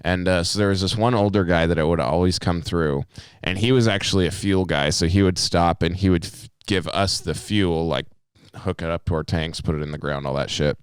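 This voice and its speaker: A man's voice: deep voice, fairly quick, clear, resonant tone, no echo, clean studio sound. A man co-hosting a casual podcast, telling a loose, rambling story full of fillers and restarts. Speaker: podcast co-host. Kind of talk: casual chat.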